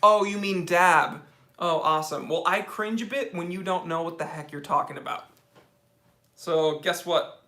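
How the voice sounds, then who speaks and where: A man's voice: a little high, moderate pace, a bit bright, reverberant. An American man hosting a live Q&A stream, casual and joking as he reads viewer comments aloud. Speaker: host.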